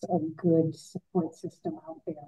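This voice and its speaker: A woman, a new board trustee, speaking in an eager, soft-spoken way at a public board meeting. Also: deep voice, flat delivery, moderate pace, husky, far from the mic, rough recording.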